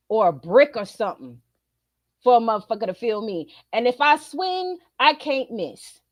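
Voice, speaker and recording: A middle-aged woman streamer giving a blunt, profane, animated opinion rant to her viewers. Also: fairly high pitch, no echo.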